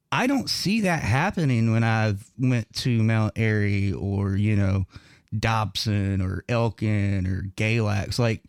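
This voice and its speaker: A Southern man hosts a loose podcast chat, rambling through his thoughts with frequent fillers and quick laughs. His voice sits at a middle pitch. The recording is dry and close, with no room sound. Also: vocal fry, no room sound. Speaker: podcast host.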